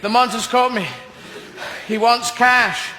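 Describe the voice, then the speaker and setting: A man puts on a panicky astronaut stranded on the moon, crying out in a raised, breathless voice. The sound bounces around an echoey space, with a loud hum of ambience underneath. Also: extremely high pitch, steady tone, slow, pitched above the performer's own voice.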